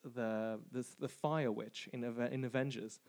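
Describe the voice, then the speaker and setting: A man's voice: medium pitch, fairly even intonation, measured pace, a little mellow. A man hosting a podcast, chatting casually and joking in rambling banter. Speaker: podcast host. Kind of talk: casual chat.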